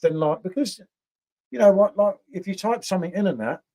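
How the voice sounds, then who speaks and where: A man's voice: high voice, brisk, dark tone. A man hosting a casual beer review livestream, chatting with viewers by name and tagging questions onto his sentences. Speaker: beer review channel host.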